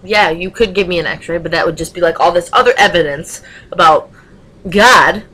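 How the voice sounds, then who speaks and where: A young woman with a fairly low voice rants casually into her webcam. She talks with emphatic passion and fires off rhetorical questions. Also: normal speed, fairly bright tone, husky, low-quality recording. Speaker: vlogger.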